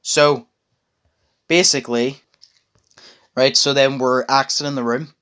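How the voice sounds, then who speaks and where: A man's voice: mid-range voice, steady tone, slow, a bit bright, clean tone. A young man in a casual chat, recounting a long story in a rambling way, swearing freely and full of fillers and restarts.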